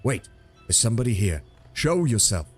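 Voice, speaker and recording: A man doing a deep-voiced satyr knight. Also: very animated, moderate pace, soft background music. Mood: earnest. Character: devoted male satyr knight, deep and pleasant.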